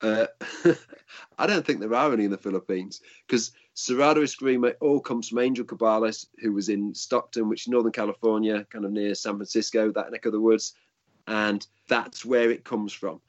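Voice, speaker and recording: A man's voice: lowish voice, steady tone, moderate pace, highs cut off. An older man and martial arts instructor answering interview questions in a casual, rambling way with frequent restarts.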